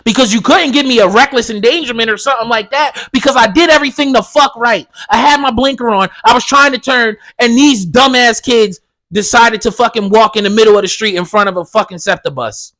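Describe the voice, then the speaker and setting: A young man hosts his own podcast and rants hard, cursing all the way through. His voice sits high for a man and comes out bright and sharp, with a fired-up, profane edge. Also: fairly quick. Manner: profane, heated ranting. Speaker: podcast host. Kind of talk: solo podcast rant.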